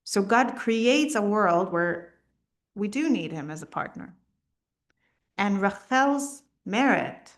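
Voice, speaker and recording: A woman teaches a text-study lesson at an everyday pitch, walking her listeners through the sources step by step. She slips Hebrew terms into her speech. She often stops to check in with a quick "right?". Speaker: Torah teacher.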